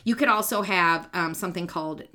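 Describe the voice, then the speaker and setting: Lower-voiced woman explaining with a laugh. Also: fairly quick, sharp tone. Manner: teacherly, checks for understanding, laughs easily. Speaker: podcast co-host; speech language pathologist. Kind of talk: casual explanatory podcast chat.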